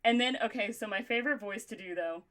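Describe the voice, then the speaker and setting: A woman's voice: a little high, fast, fairly bright tone. A young woman from Texas hosting a stream, giggly and chatty with many fillers. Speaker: streamer host. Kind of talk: casual stream chat.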